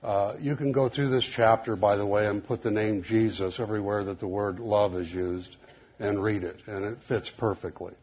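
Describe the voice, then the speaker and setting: A man's voice: fairly low pitch, fairly even intonation, moderate pace, darkish tone, husky, dull audio. A middle-aged male pastor giving a conversational sermon, telling stories with frequent "you know" asides.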